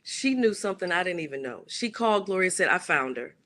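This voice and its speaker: A woman who is an author and playwright appears as a guest, telling a story with lively animation and voicing the quoted dialogue in shifting voices. Her pitch is medium and she talks fast.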